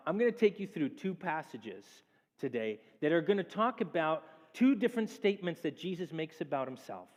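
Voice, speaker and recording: High-voiced male pastor preaching. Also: normal speed, dull audio. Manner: animated preaching, acts out quoted speech. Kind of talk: sermon. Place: church sanctuary. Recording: long church reverb.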